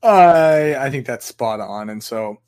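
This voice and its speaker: A man's voice: medium pitch, expressive, measured pace, darkish tone. A man co-hosting a loose podcast conversation. He stops and restarts his sentences often and laughs easily while he talks things through. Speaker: podcast host. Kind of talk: casual chat.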